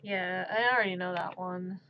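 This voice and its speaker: A woman's voice: lowish voice, fairly even intonation, moderate pace, a little hiss or hum. A woman streamer rambling playfully in casual livestream chat. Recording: dull lo-fi stream audio.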